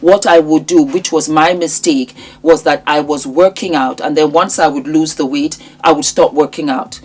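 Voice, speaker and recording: Emphatic woman in her fifties, lower voice. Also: fairly even intonation, moderate pace, husky. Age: 50s. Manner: emphatic, repeats phrases for effect. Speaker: lifestyle YouTuber. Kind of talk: direct-to-camera vlog chat.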